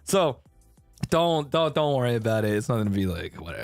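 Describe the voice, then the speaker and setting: A man's voice: medium pitch, very animated, moderate pace, creaky, no room sound, faint music behind. A man chatting casually on a live stream, rambling, restarting sentences and swearing often. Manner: rambling, heavy swearing, frequent self-restarts.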